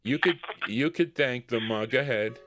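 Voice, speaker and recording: A man's voice: mid-range voice, moderate pace, a bit bright. A man hosting a live record show, chatting casually and rambling with fillers as he talks to his listeners as folks. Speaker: radio show host and DJ. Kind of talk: casual live radio patter.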